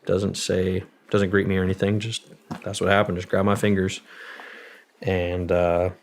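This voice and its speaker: A young military veteran appearing as a podcast guest tells a story casually, loose and profane and packed with "like" fillers. His low-pitched voice barely moves in pitch, at a moderate pace, with a little hiss or hum in the recording.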